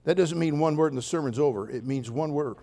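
An older man preaching a sermon as pastor, telling funny stories with sudden loud outbursts, then speaking more quietly and earnestly. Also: a little high, fast talker, vocal fry. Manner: humorous, animated storytelling with sudden loud outbursts. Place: church.

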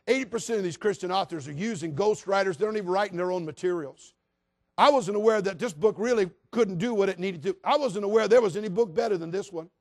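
A man preaching a sermon as pastor, passionate, moving between loud appeals and hushed, quiet passages. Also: sits high, fast talker, no echo, clean studio sound.

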